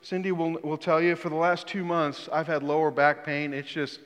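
A middle-aged male pastor delivering a sermon, his voice sitting a little high for a man. He speaks earnestly and with emphasis, and sometimes sinks to a hushed, low tone to drive a point home. His words ring out with a long reverb, as in a large church hall. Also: level tone, normal speed, clean tone. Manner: earnest and emphatic, often drops to a quiet, low voice for stress.

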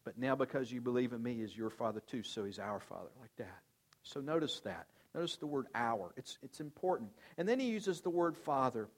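An older man preaching a sermon in an earnest, conversational way, often dropping to soft, low tones to stress a point. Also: expressive, a little fast. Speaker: pastor.

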